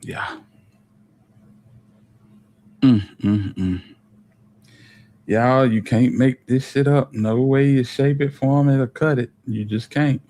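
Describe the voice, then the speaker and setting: A man's voice: mid-range voice, slow, pauses often, warm tone. A man from Alabama, talking casually and wryly as a commentary host. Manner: wry, disbelieving, conversational.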